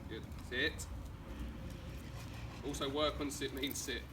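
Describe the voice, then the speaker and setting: A man with an Essex accent, working as a dog trainer, calmly explaining training steps outdoors and giving short commands to a dog. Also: mid-range voice, slow pace. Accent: Essex English. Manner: calm, coaching, gives short commands to the dog. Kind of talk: on-location training instruction. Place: outdoors on a street during a home visit. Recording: distant outdoor camera audio with background noise.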